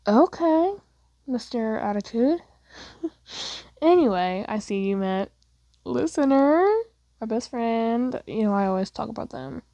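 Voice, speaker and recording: A woman's voice: fairly high pitch, expressive, unhurried, gravelly, pauses often, mellow, no room sound, dull audio. A woman doing a bubbly, gushing teenage boy. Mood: teasing. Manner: gushing, calls people "girl". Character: bubbly excitable teenage boy, chatty best friend.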